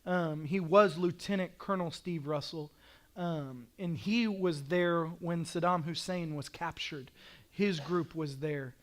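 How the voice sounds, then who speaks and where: A middle-aged man preaching from the pulpit with a fairly high, ringing voice. He builds his points through emphatic repetition and passionate declarations, then drops low to drive them home. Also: measured pace. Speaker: pastor. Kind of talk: sermon.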